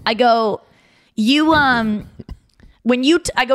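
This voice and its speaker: A podcast co-host with a somewhat high voice talks slowly and pauses often, chatting casually and telling stories. She's a chatty storyteller who uses lots of "like" fillers.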